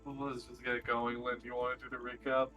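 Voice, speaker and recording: A man's voice: mid-range voice, monotone, a little fast, pushed and bright, lo-fi sound, faint music behind. A man hosting a tabletop game podcast, talking dryly in casual chat.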